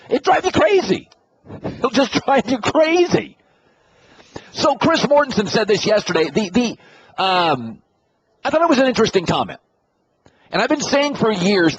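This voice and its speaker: A man's voice: high-pitched, muffled recording, a little hiss or hum. A man hosting a radio talk show in a casual monologue, blunt and opinionated, lecturing his listeners. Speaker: radio host.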